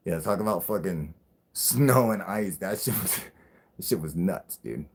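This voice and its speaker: A man co-hosting a casual live stream, telling a story excitedly and swearing constantly. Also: low voice, measured pace, husky.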